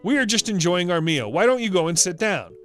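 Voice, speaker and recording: A calm young wife , put on by a man speaks softly and quietly, lower than the man's usual narrating voice. Her tone stays even over faint music. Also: a little fast.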